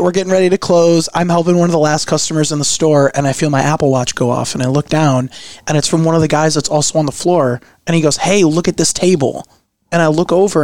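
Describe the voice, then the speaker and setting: Slightly high-voiced man telling a story. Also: dry recording. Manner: animated storyteller, acts out dialogue. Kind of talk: casual storytelling.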